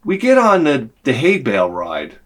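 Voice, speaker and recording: A man telling a personal story in an animated way, swearing freely and acting out the people in it. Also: medium pitch, normal speed. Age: adult with a young son. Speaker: video creator.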